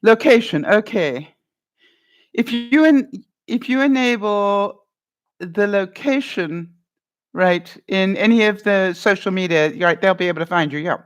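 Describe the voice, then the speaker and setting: A woman's voice: medium pitch, unhurried. A middle-aged woman vlogger chatting casually with her live chat, reading out comments, laughing often and acting out little voices.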